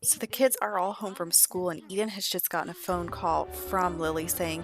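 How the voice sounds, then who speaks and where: A young mother with a lowish voice hosts a gaming channel, chatting casually while playing a life-sim game for viewers. She's bubbly and chatty, calling her audience "girl" and "guys," and speaks at a moderate pace with few pauses over faint background music.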